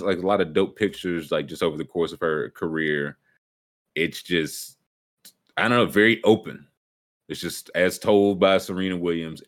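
Laid-back low-voiced man chatting. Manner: animated storyteller, slangy, acts out quotes in voices. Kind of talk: casual chat.

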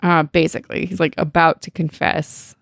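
Giggly woman with a gravelly voice. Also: deep voice, level tone, normal speed, a bit bright, dry recording, studio quality. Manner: giggly, swears casually, says "like" a lot. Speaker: podcast co-host. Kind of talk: casual book recap chat.

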